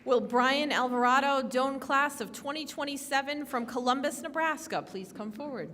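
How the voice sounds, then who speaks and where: A woman's voice: high voice, moderate pace, fairly bright tone. A woman presenting at a ceremony, making formal announcements and calling people forward. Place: large hall. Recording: reverberant hall, faint background noise.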